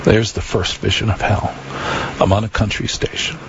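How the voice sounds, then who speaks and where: A man's voice: on the low side, level tone, moderate pace, muffled recording, background noise. A man hosting a late-night radio talk show, rambling wryly through a monologue to listeners. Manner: wry, conversational, repeats phone number.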